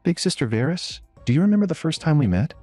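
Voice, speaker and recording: A man narrator voicing an earnest young princess in a recap story, raising his pitch. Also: sing-song, fast talker, warm tone, no echo, soft background music.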